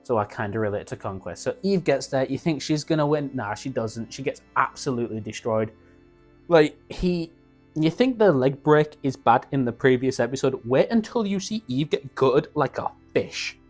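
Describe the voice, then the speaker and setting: A young man excitedly recapping a show in casual slang, acting out the characters' lines as he goes. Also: medium pitch, normal speed, soft background music. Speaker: YouTube reviewer.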